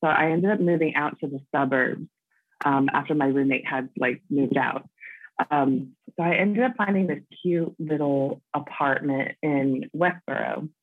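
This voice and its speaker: American woman caller, low husky voice, lots of "like" and "um", tinny phone sound. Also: measured pace, no room sound. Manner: chatty, fills speech with "like" and "um". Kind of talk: casual phone chat. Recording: tinny dry phone line.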